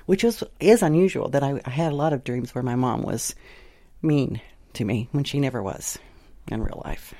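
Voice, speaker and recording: Middle-aged woman from southern indiana telling old stories, mellow tone, dry close sound, halting and unhurried. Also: very deep voice, no room sound. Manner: unhurried, halting, with pauses and restarts. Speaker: interviewee recounting her dreams. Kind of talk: reflective personal storytelling. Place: home sunroom.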